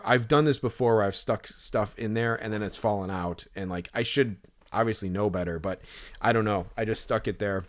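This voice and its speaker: A man with a somewhat low voice tells a long story on a casual podcast. He rambles and piles up fillers. He swears freely and acts out his own thoughts in quotes. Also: brisk. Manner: rambling, lots of fillers and profanity, animated when retelling. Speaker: podcast co-host.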